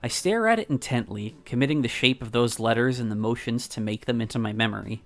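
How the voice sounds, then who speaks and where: A man streaming, reading a visual novel aloud in a calm first-person narrator voice. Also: medium pitch, fast talker, faint music behind.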